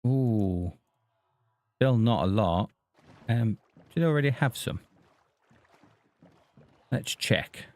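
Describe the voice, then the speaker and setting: A man streaming a game, talking casually to himself and to the characters on screen in a relaxed, chatty way. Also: medium pitch, slow pace, long pauses. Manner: chatty, talks to himself and the villagers. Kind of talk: casual gameplay commentary.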